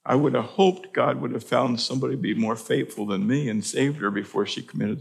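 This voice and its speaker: An older man preaching as a pastor, telling stories in an earnest, halting way with frequent restarts. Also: mid-range voice, creaky. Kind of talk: sermon storytelling.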